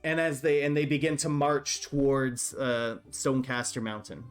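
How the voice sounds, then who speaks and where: A man's voice: medium pitch, fairly even intonation, normal speed, soft background music. Man narrating a tabletop game. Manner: rambling with many fillers. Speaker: dungeon master.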